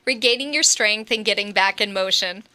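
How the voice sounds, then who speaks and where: A woman's voice: medium pitch, moderate pace, sharp tone. A woman hosting a medical talk radio show, affirming her guests with frequent "mm-hmm" and "right".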